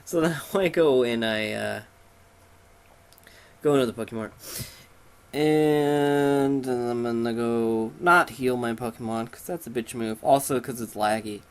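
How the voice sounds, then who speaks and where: A man's voice: mid-range voice, measured pace, smooth. Joking man narrating a game. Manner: irreverent, joking, makes up silly dialogue for characters. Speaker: let's play host. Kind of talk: casual let's play commentary.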